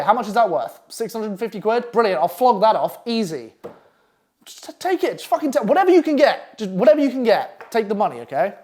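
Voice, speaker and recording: A man's voice: high voice, big pitch swings, a little mellow. Young guy swearing nonstop while he coaches, voice jumping up and down a lot. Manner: crude, blunt and swearing constantly, acting out clients in quick asides. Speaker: copywriting coach. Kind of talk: profane casual masterclass talk.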